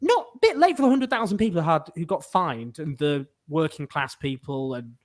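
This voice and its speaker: A man's voice: on the high side, expressive, brisk. A man hosting a political chat show, talking in an exasperated, rambling way with many restarts. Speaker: podcast host.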